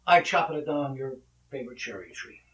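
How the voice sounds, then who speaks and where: A man's voice: medium pitch, expressive, normal speed, a bit bright, roomy sound, distant mic, dull audio, lightly acted. A man voicing an earnest little boy confessing, in broken English.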